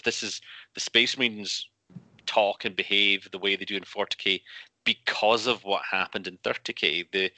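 A man talking as the guest author in a casual interview, animated and restarting often as he acts out quotes. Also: lowish voice, no room sound.

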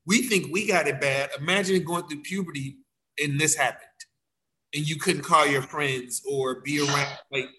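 Animated man with a bright voice. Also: on the high side, moderate pace, poor audio. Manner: animated, acts out quotes of himself and others. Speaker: dance teacher. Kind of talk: casual conversation.

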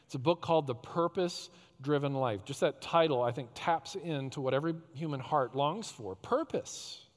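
A male pastor preaching a sermon, swinging between loud rhetorical questions and hushed, tender phrases. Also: medium pitch, moderate pace. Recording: long hall reverb.

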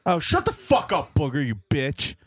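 A man's voice: a little high, huge pitch swings, moderate pace, a bit bright, breathy edge, no room sound. A man co-hosting a sports podcast, cursing and arguing heatedly in casual chat. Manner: profane, irritated, argumentative. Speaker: podcast co-host. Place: garage.

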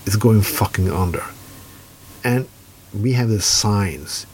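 Man, Norwegian accent, furious rant, heavy swearing, blunt, low-pitched voice. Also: slight background noise. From Norway. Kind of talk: angry political rant.

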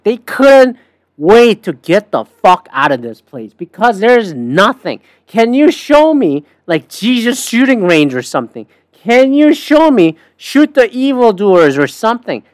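A woman rants in a casual podcast style, sarcastic and heavy on profanity. Her pitch leaps up and drops low as she goes, and the sound is close and dry, with no room echo. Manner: profane, sarcastic, animated ranting with swings between loud and muttered. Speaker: podcast host. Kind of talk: casual rant.

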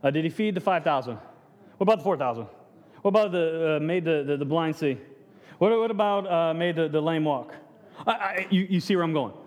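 A man's voice: a little high, fairly quick, a little mellow. A man, a pastor, preaching a conversational sermon with frequent restarts and rhetorical questions to the congregation. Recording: long hall reverb.

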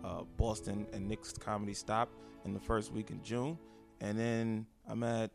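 A man from New York, a comedian guest on a podcast in a hotel room, talking in a laid-back, low-key way. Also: little pitch movement, a little slow, vocal fry, darkish tone, soft background music. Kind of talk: casual podcast conversation.

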